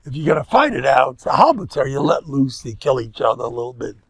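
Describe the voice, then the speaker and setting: Husky, lively older rabbi. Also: male voice, mid-range voice, fast, no echo. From United States. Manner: animated and joking, mixing in Yiddish and Hebrew words. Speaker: rabbi giving a lecture. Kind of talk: informal Torah lecture.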